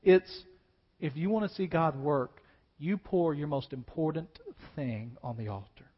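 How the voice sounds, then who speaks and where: A man preaching a sermon dramatically, swinging between loud declaiming and hushed asides. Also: a little high, measured pace, slightly rough. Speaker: pastor. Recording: dull sound with long reverb in a large hall.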